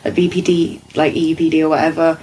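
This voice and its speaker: A young woman, co-hosting a podcast in rambling casual chat, full of "like" and quick laughs. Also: low voice, flat delivery, a little mellow, a little hiss or hum, poor audio. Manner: rambling, lots of "like", laughs often. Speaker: podcast co-host.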